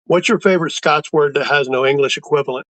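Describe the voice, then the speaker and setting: A man's voice: on the high side, fast, fairly bright tone, no room sound, low-quality recording. A man hosting a casual interview, easygoing and a little hesitant as he reads out viewer questions. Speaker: interview host.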